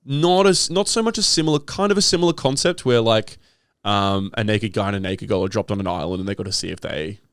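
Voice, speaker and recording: A man's voice: on the low side, fast talker, smooth, dry recording. A young Australian man co-hosting a casual podcast, joking and swearing freely. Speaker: podcast co-host. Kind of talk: casual chat.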